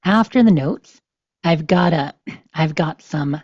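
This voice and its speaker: Woman podcast host, chatty and rambly, lots of fillers, voice a bit husky and low. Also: slow pace, darkish tone, no echo. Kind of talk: casual podcast chat, reading game notes aloud. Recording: slightly dull, dry lo-fi sound.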